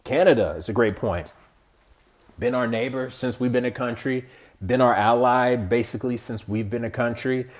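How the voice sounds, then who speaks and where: A man's voice: mid-range voice, moderate pace. A man from the United States giving casual, exasperated political commentary as a podcast host, rambling with slang and frequent restarts.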